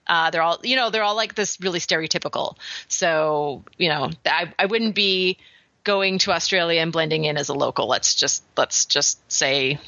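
A woman's voice: fairly low pitch, sharp tone, no echo, highs cut off. A woman co-hosting a podcast in casual chat, talking freely with many fillers and laughs. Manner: chatty, laughing, lots of fillers. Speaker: podcast co-host.

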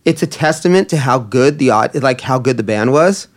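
Relaxed male interviewer. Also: mid-range voice, normal speed. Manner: relaxed, laughs along, conversational prompts. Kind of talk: casual interview.

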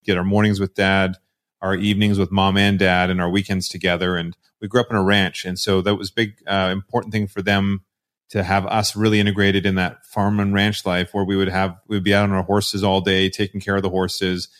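Man, from Canada, podcast guest, low voice, relaxed, storytelling, fillers. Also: fairly quick. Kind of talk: casual interview chat.

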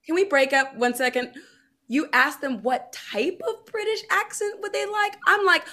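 A woman podcast host chatting with a guest, enthusiastic and quick to laugh. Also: high-pitched, bright, forceful tone. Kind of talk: casual interview chat.

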